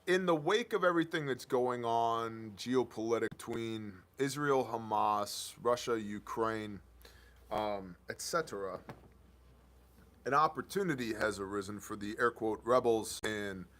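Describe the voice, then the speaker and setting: A man with a bright, forward voice hosts a casual live stream. He reads headlines aloud and then riffs on them in a loose, sarcastic way. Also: lowish voice, unhurried, a little hiss or hum. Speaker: host of a live news-commentary stream.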